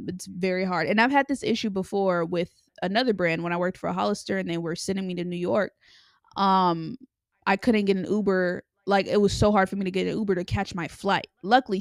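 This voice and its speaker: Young female podcast host, candid chatty storyteller, middle pitch with vocal fry, dry close sound. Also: no room sound. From Los Angeles area. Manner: chatty and candid, with many filler likes and ums. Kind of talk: casual storytelling monologue.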